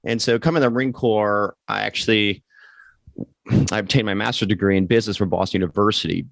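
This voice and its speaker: A man in his forties with a very low voice and a gravelly edge. He tells his story as an interview guest in a loose, rambling way and corrects himself as he goes. The sound is dry and close. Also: steady tone, fast talker, no room sound. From Pennsylvania. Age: 40s. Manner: rambling, conversational, with self-corrections. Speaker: guest, financial advisor.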